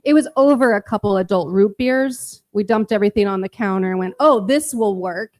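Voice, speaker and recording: A woman's voice: medium pitch, a little fast, darkish tone, dry recording. A woman, a paramedic and midwife instructor, giving direct, earnest answers in an onstage interview on a handheld mic. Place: festival stage. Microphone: handheld microphone.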